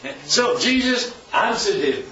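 Lively preacher in an echoey hall. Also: male voice, very high voice, measured pace, slight background noise. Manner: lively, chatty, asks the room questions. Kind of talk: sermon. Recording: echoey hall from far off, dull.

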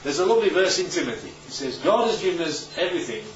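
A man's voice: on the high side, sing-song, fast talker, soft background music. A male preacher giving an informal Bible talk, conversational and often checking in with his listeners. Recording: roomy, distant, dull recording.

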